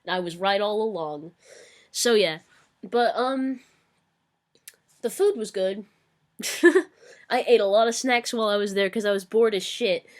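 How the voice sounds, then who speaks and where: A woman's voice: medium pitch, a little slow, long pauses. A young woman vlogger telling a candid personal story in a rambling way, full of fillers and self-corrections, with a darkly wry tone.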